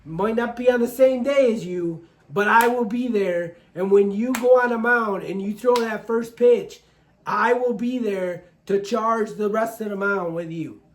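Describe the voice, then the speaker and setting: Earnest high-voiced man in an echoey room. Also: unhurried. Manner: earnest and heartfelt, talks openly about feelings. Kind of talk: casual vlog talk to camera.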